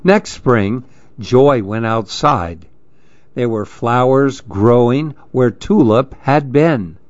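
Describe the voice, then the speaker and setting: A man reading children's storybooks aloud in a slow, lilting, expressive way. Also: medium pitch, no room sound. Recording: dull lo-fi dry recording.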